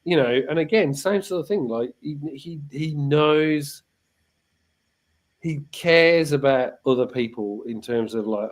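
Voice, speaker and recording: Chatty Australian man, slightly high voice. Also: unhurried. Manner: rambling, repeats words, laughs often. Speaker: livestream co-host. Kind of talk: casual chat.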